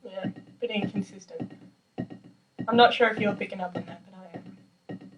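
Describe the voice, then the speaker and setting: A woman's voice: mid-range voice, steady tone, normal speed, over music. Young female percussion student, self-deprecating chatter, recorded far off with drums behind. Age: young adult. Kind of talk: casual practice demonstration. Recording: distant mic with drumming behind.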